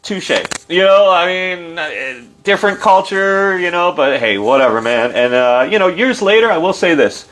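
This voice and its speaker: A middle-aged man with an animated storytelling manner, loose and full of fillers, acting out quotes in a livelier voice. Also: sits high, moderate pace, few pauses. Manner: loose, filler-heavy delivery. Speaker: interview guest. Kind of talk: casual storytelling.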